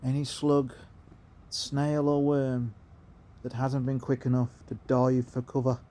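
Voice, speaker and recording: A man putting on the voice of a wildlife documentary narrator, speaking softly, slowly and with mock grandeur over garden footage. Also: medium pitch, completely flat delivery, lightly acted. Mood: hushed, awed. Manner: soft, slow, reverent, mock-grand. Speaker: gardening video creator.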